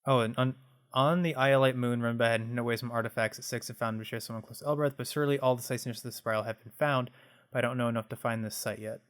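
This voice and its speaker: A man's voice: medium pitch, fairly even intonation, quick pace. A man hosting a casual let's play, thinking aloud, reading menus, and making self-mocking asides. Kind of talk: casual gameplay commentary.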